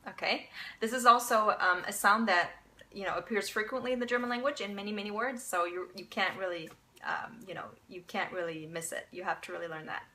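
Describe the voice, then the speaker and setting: A woman teaching a casual language lesson, explaining step by step, repeating example words slowly and often checking in with "okay?". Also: medium pitch, pushed and bright, a little hiss or hum, poor audio.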